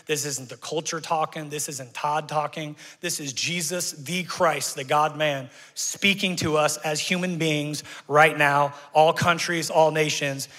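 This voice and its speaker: A man in his forties delivers an energetic sermon from the pulpit, talking directly to his congregation. His voice is bright and forceful, a little higher than most men's. The sound carries a long church-hall reverb. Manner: animated, conversational preaching with asides to the congregation. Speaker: pastor. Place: church sanctuary.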